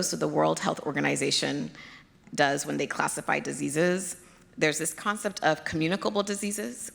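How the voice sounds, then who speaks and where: A woman's voice: low voice, gravelly, a bit bright. Nigerian woman speaking in a hall. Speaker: pediatric hematologist speaker. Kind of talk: conference Q&A answer. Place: conference hall.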